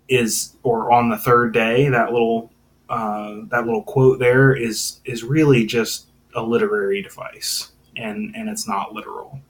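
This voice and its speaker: A man's voice: mid-range voice, poor audio. A man giving informal Bible teaching in a casual, thinking-aloud manner, with frequent fillers and restarts.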